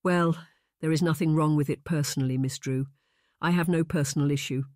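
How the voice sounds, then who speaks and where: A man's voice: fairly high pitch, steady tone, a little mellow, dry recording, studio quality, natural voice. Man voicing a stiff young marquis. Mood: formal. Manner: measured, formal and lecturing, a touch awkward. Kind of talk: audiobook narration.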